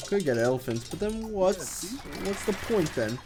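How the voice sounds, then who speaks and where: A man's voice: high voice, sing-song, a little slow. A man giving casual, rambling commentary over his strategy game, swearing now and then, with game music behind him. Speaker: gameplay commentator.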